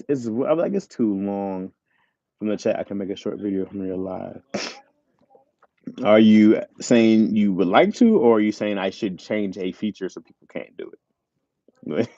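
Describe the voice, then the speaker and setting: A man's voice: lowish voice, warm tone, no echo, muffled recording. A man hosting a casual livestream, reading chat aloud and laughing often, talking into a tablet mic. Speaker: livestream host. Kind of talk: casual live chat with viewers. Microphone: tablet mic with earbuds.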